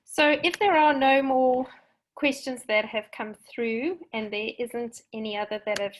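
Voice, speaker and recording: A woman's voice: fairly high pitch, unhurried, low-quality recording. A woman hosting a webinar, encouraging the audience and steering to the guest. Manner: encouraging, organized. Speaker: webinar host. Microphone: video call.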